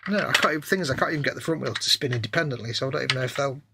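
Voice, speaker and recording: Muttering over fiddly parts, a British man chats casually and mocks his own efforts while building a model kit on a live stream. He talks rapid-fire in a gravelly, mid-range voice, with keyboard clicks and loud noise in the background.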